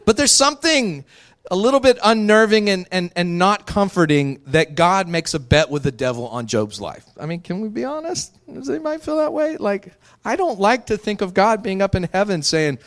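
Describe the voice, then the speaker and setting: A man's voice: high-pitched, big pitch swings, normal speed. A male pastor preaching a sermon in a candid, conversational way, laughing often.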